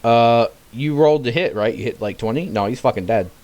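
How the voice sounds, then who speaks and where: A man's voice: medium pitch, brisk, darkish tone. A man from Tennessee acting as game master, narrating in a laid-back way. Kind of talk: running a tabletop game over voice chat.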